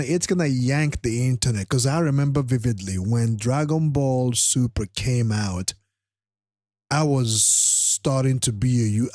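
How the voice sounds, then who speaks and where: A man's voice: mid-range voice, mellow, no room sound, clean studio sound. A tired man hosting a live stream, rambling casually with many fillers and restarts. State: tired, struggling to stay awake.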